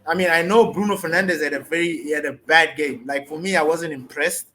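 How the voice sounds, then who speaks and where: A man's voice: fairly high pitch, a little fast, a bit bright. A man co-hosting a football podcast, emphatic and blunt in casual chat. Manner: emphatic, blunt, says "bro". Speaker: podcast co-host.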